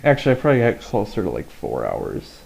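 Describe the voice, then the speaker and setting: Tired, stammering young man, lowish voice. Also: huge pitch swings, quick pace, vocal fry, a little mellow, highs cut off. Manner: hesitant, stammers. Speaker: podcast co-host. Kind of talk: casual chat over a voice call.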